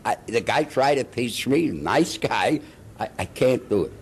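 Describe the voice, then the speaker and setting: A man's voice: mid-range voice, a little slow, slight background noise. An older man, an actor telling stories in a casual interview and acting out the quotes with laughs. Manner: animated anecdotes with laughs and acted-out quotes.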